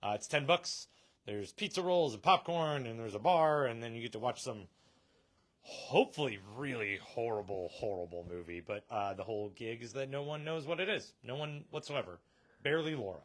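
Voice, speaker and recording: A man's voice: mid-range voice, expressive, normal speed. A man hosting a casual live stream from a comic shop, joking and laughing often.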